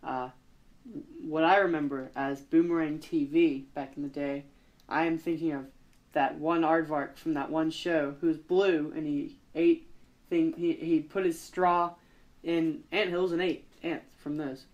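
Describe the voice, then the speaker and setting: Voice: medium pitch, steady tone, unhurried, a little mellow, highs cut off. A young adult podcast host chatting casually, rambling with many fillers and self-corrections. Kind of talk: casual chat.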